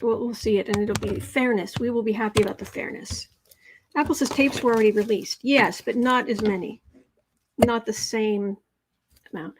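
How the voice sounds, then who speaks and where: A woman's voice: fairly high pitch, slightly rough. Chatty woman livestreaming a tarot reading. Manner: chatty, reads viewer comments aloud, many fillers and restarts; emphatic repetition. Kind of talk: live political tarot reading, chatting with viewers.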